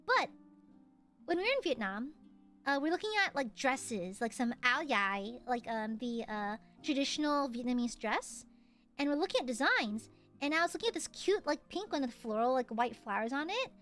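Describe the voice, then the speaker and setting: Young woman streamer, high bright voice, chatty, rambling, quick to laugh. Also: animated, soft background music. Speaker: VTuber streamer. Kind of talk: casual chat.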